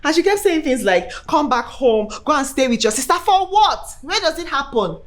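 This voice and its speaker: A volatile grieving young wife, Nigerian accent, high swooping pitch. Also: female voice, big pitch swings, moderate pace. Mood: troubled. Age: young adult. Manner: erupts into shouting fury. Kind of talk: film acting.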